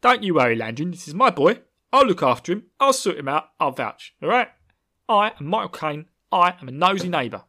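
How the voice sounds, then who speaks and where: Brash cockney tough guy, a man doing an impression; loud and high-pitched. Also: very animated, fairly quick, heavily acted. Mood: swaggering. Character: cockney tough-guy male hero, gruff and protective.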